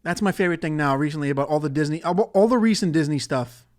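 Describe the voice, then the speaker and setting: A man's voice: on the high side, fast talker. A man hosting a solo podcast in a casual, rambling way, swearing and laughing often. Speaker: podcast host.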